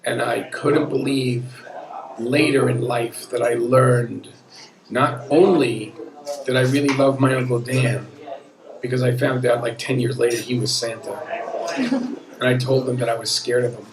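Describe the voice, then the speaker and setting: A gravelly-voiced man in his fifties tells a personal story to a live audience, speaking in an earnest, conversational way with a wry touch. His voice carries through an echoey pub room, with the crowd audible behind him. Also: medium pitch, fairly even intonation, a little slow. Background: audience murmur.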